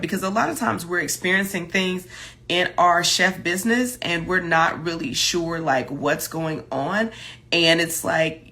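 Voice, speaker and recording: A woman's voice: fairly low pitch, pushed and bright. A woman coach hosting a casual live stream, chatty and greeting viewers by name between points, with many fillers and asides. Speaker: business coach for chefs, livestream host.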